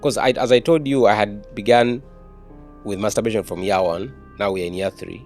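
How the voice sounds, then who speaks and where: A man's voice: fairly low pitch, steady tone, moderate pace, a little mellow, soft background music. A man, an evangelist telling his personal testimony in an interview, earnest and often repeating words and restarting.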